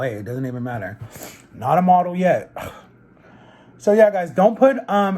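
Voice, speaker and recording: A man tells a story on camera while eating, pausing between bites. His voice sits a little high for a man, and the telling is animated and loose, full of "like" and "literally." It is relaxed vlog chat, not a polished performance. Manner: animated, rambling, fillers of like and literally. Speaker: vlogger. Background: eating on camera between sentences.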